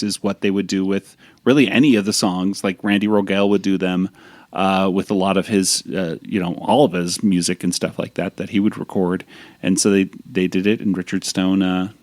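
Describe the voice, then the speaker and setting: A man's voice: fairly low pitch, dry recording. A man hosting a podcast in casual chat, rambling with restarts and talking fondly about old cartoons. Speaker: podcast host.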